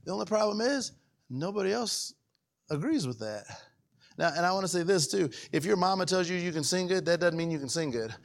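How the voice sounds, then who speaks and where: Male pastor, high-pitched, folksy conversational sermon with many asides to the congregation. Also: animated, fairly quick, creaky. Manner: conversational preaching with frequent questions to the congregation; wide swings between raised and hushed delivery.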